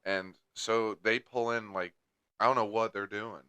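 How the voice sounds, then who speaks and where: A young man in casual podcast chat, rambling and crude, swearing through a long story. His voice sits a little low but comes across bright and forceful. The sound is dry and close. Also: fairly even intonation, a little slow, clean tone, no room sound, lo-fi sound. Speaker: podcast co-host.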